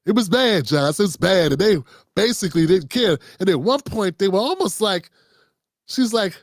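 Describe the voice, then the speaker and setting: A man's voice: high voice, expressive, moderate pace, dry recording, clean studio sound. A man hosting unscripted political commentary, talking casually and riffing, slipping into quoted voices.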